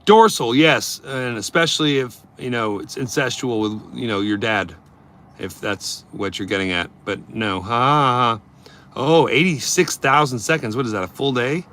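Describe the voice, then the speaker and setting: A man's voice: mid-range voice, normal speed, pushed and bright. A man telling a long story on a casual live stream, acting out his own thoughts as he rambles through it. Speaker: livestreamer reading chat.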